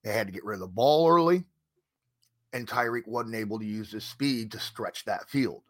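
A man's voice: on the low side, moderate pace, no room sound, clean studio sound. A man hosting a casual sports talk show, leading the conversation and citing game stats. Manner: leads the talk, cites stats. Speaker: host.

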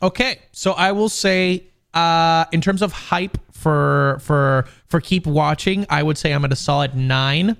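A man's voice: on the high side, measured pace, creaky, few pauses, a bit bright, clear, resonant tone. A man co-hosting a podcast in casual chat, talking hesitantly. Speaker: podcast co-host.

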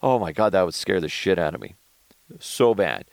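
Male solo podcaster, gravelly and animated, dry close sound. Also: low voice, moderate pace, dry recording. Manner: animated, profane, jumps between shouting and mumbling. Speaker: podcast host. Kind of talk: casual solo commentary.

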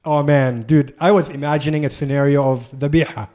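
Animated man telling a travel story. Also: fairly high pitch, a little fast. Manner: animated, laughs often while telling. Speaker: guest storyteller. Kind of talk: casual conversational storytelling.

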